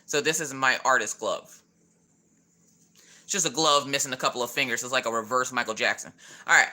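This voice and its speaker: A woman's voice: very deep voice, fairly quick, pauses often, bright, forceful tone. A woman hosting a casual craft livestream, playfully greeting chat viewers by name and joking with them as she unboxes.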